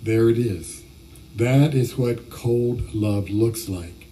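Male pastor, sermon delivery, warm mellow voice, distant church mic. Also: mid-range voice, slow. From Ohio, USA.

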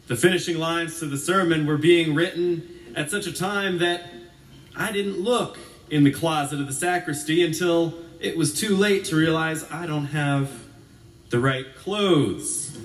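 An Episcopal priest preaches in a church sanctuary, his voice a little high for a man. He's conversational and self-deprecating before settling into quiet reflection. He's heard from a distance in the roomy, echoing space.

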